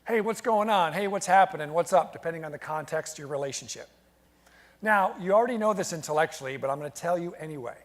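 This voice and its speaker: An American man with a voice on the high side and a quick pace delivers an energetic motivational keynote in a large event hall. He tells stories and pulls the crowd into call-and-response, and the audience answers and laughs amid long hall reverb.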